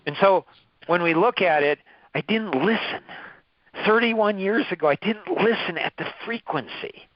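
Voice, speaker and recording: A man's voice: high voice, unhurried, no room sound, highs cut off. A man in his fifties leading a course, telling personal stories in an emphatic, repetitive way, often restarting his phrases. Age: 50s. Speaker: course leader. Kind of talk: motivational talk with personal stories.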